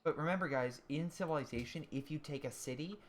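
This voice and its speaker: A man's voice: fairly high pitch, fast talker. A man doing casual commentary over his strategy game, thinking aloud with fillers and restarts and reacting with groans and cheers. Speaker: gaming video host. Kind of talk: casual let's-play commentary. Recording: steady audible background noise.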